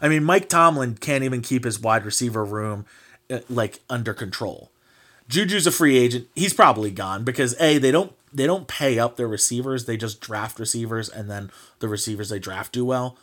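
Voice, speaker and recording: A man hosts a casual sports podcast at an ordinary middle pitch and moderate pace, with a slightly bright voice. He rants heatedly and mockingly, swearing freely, his sentences loose and packed with fillers.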